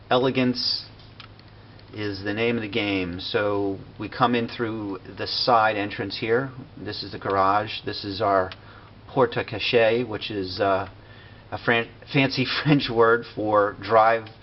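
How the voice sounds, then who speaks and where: A man giving a casual walkthrough of a building he made in a game, relaxed and full of fillers and pauses. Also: fairly low pitch. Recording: dull lo-fi recording with faint noise.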